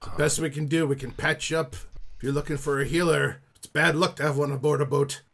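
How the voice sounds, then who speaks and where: A man's voice: fairly high pitch, level tone, brisk, creaky, fairly bright tone. A man doing a barking, bossy sea captain. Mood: matter-of-fact. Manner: barking orders.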